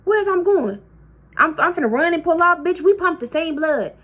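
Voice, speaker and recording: A woman's voice: very high-pitched, animated, moderate pace, pitched above the performer's own voice. A woman doing a furious, cursing aunt. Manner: loud, profane, challenging. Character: furious aunt threatening over the phone.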